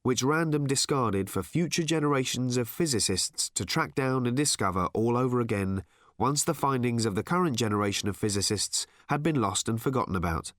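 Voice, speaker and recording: A man reading an audiobook with expressive, wry storytelling. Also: medium pitch, brisk, dry recording, studio quality. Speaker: audiobook narrator. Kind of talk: scripted narration.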